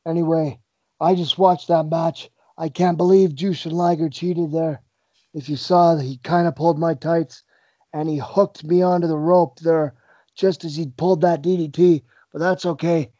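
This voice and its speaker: Guy doing a cocky wrestler bit, bragging, pitched up a little, dull dry lo-fi sound. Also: steady tone, moderate pace, dark tone, no echo, close to an everyday voice. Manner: cocky, playful trash talk. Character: impression of a famous male wrestler, boastful and teasing.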